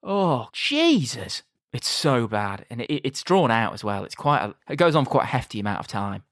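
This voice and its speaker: A man's voice: mid-range voice, lively intonation, quick pace, a bit bright, no room sound. A man co-hosting a casual film review podcast, rambling in a dry, mocking way. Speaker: podcast co-host.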